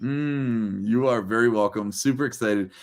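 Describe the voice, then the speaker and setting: A man's voice: mid-range voice, moderate pace. A man hosting a book launch on a video call, upbeat and chatty, laughing often between remarks. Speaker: host of a book launch livestream. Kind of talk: casual livestream hosting.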